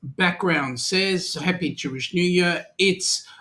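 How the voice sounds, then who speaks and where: A man's voice: sits high, takes it slowly, pushed and bright. A man with an Australian accent co-hosting a casual live-stream chat, greeting viewers by name and teasing them. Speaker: podcast co-host.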